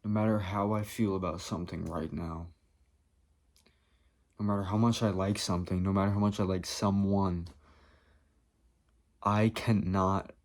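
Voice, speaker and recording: A man's voice: lowish voice, a little mellow. A man vlogging in a rambling comedic monologue, profane and jumping from topic to topic.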